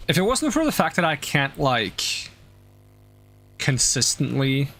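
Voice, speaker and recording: A man's voice: medium pitch, fairly bright tone, a little hiss or hum. A man streaming a game, thinking aloud in casual, rambling chat with many fillers.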